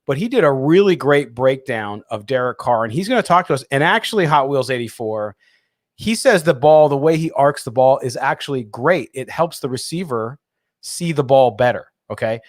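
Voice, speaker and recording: A man's voice: medium pitch, expressive, moderate pace, dry recording, clean studio sound. Man, sports radio co-host, mid-range voice, chatty, fields listener questions. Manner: reads listener comments and answers them. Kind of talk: casual sports radio chat.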